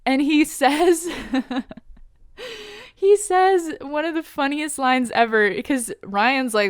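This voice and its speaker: A woman's voice: sits high, no echo, clean studio sound. Giggly woman recapping a TV episode. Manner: giggly, laughs often while retelling scenes; quotes characters in quick paraphrase. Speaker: podcast host.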